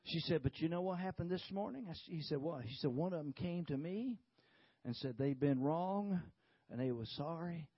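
A man with a high voice preaches a sermon, telling a story with many hallelujahs along the way. The sound is dry and close, with a dull, lo-fi edge. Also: normal speed, slightly rough, no echo. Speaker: pastor.

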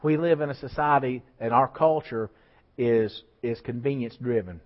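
A pastor preaches a sermon in a medium-pitched voice at a moderate pace, building emphasis and tossing asides to his congregation. The lo-fi church recording sounds slightly dull.

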